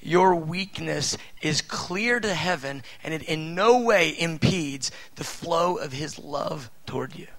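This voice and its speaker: A man in his thirties preaching a sermon in an animated way, with rhetorical questions and bursts of loud emphasis. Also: fairly high pitch, takes it slowly, few pauses, low-quality recording.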